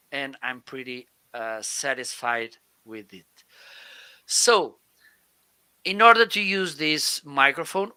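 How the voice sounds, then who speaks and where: A man's voice: medium pitch, bright, forceful tone, smooth. A man from Portugal co-hosting a live shopping stream from his home studio, chatty and laughing often as he explains gear step by step on a studio mic. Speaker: co-host. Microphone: studio microphone.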